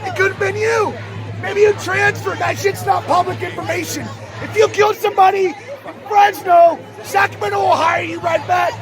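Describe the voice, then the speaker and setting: A man's voice: extremely high pitch, steady tone, moderate pace. A man confronting police at a street protest, angry, profane and close to tears. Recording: loud crowd and music outdoors. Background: loud crowd and music.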